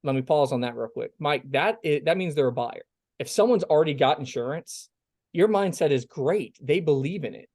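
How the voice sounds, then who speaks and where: A man's voice: fairly high pitch, expressive, moderate pace, darkish tone, no echo, studio quality. A man from South Carolina coaching his insurance sales team in a casual, folksy way, acting out his phone lines as he goes.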